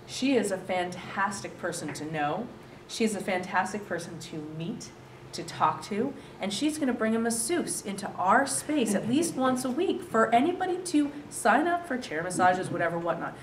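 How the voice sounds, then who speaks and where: A woman giving a lively, joking presentation to an audience about a shared workspace. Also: on the high side. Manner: chatty, joking, animated, laughs often. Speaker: coworking space director pitching to an audience. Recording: roomy and distant with faint noise.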